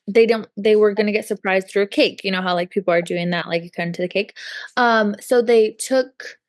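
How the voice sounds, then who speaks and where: A woman's voice: medium pitch, dry recording, clean studio sound. A woman co-hosting a podcast, retelling a story in casual chat with lots of "like" and "um" and acting out the quotes. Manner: chatty storytelling, acts out quotes, many likes and ums. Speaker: podcast co-host.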